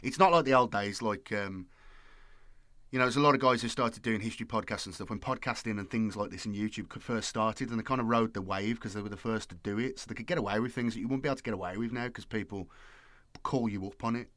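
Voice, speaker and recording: A man's voice: lowish voice, fast talker, a bit bright, no echo. A man hosting his channel, chatting casually and rambling with lots of fillers. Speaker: YouTube host. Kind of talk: casual late-night chat.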